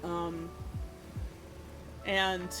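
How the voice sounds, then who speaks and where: A woman's voice: on the low side, drawn-out words. A woman streamer telling a story in a casual way while she paints, laughing often and acting out the voices of the people in it. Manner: animated, laughing, acts out quoted voices. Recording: lo-fi music playing underneath. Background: lo-fi music.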